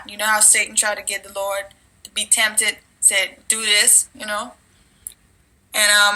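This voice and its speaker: Bright-voiced woman telling a dream. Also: on the high side, low-quality recording. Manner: rambling, with restarts and fillers; reads scripture aloud. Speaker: religious video maker. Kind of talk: casual testimony and scripture reading.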